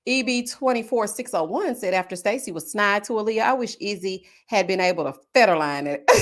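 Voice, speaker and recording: A woman hosting a casual live recap stream, reading viewer comments, sassy and quick to laugh, full of drawn-out "oh, honey" and "child" asides. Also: medium pitch, big pitch swings, fairly bright tone. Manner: southern US slang such as finna, y'all, child. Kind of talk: casual reality-TV recap chat.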